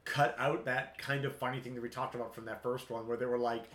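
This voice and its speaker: A man talks through a film as podcast co-host in an easy, animated way, answering his partner with a steady stream of yeahs. His voice sits at a middle pitch and rings in a roomy space. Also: fast. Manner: animated, repeats yeah often. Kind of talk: casual chat.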